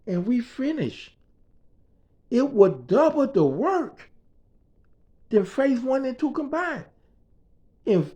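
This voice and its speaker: A man's voice: extremely high pitch, warm tone. A man from the Bahamas telling a story from his own life in casual, profane slang, acting out what others said and repeating phrases for rhythm. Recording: slightly dull lo-fi recording.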